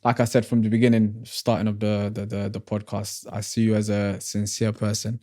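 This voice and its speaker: A man hosting a podcast, asking questions in a relaxed, affirming way. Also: on the low side, brisk, no room sound, clean studio sound. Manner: relaxed, affirming, soft murmurs of agreement. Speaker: podcast host. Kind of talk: casual interview chat.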